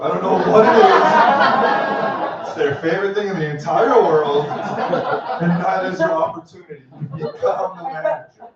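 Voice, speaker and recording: A man in his thirties doing a stand-up set with crowd work, deadpan and self-mocking, laughing at his own jokes on a club stage. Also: fairly high pitch, heavy background noise. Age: 30s. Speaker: stand-up comedian. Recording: roomy, distant, dull club recording.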